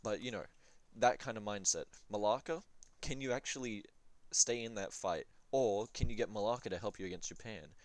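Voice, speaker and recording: A man's voice: on the low side, normal speed, dry recording. A young man rambling through advice on a strategy game, swearing and joking, often trailing off with ums. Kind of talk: casual rambling game commentary.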